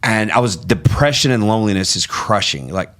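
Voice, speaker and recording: A man telling stories as a guest on a podcast, candid and animated, laughing at his own tales. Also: fairly low pitch, a little fast. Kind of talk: storytelling in a podcast interview.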